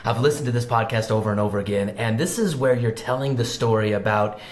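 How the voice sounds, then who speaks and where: Brief: mid-pitched male host, casual interview questions, roomy echo. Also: quick pace. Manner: conversational, leading the guest into a story.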